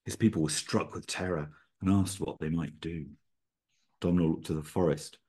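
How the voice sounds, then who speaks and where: A man, an author, reading his own fiction aloud over a video call, with a measured, steady storytelling delivery. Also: low voice, breathy edge.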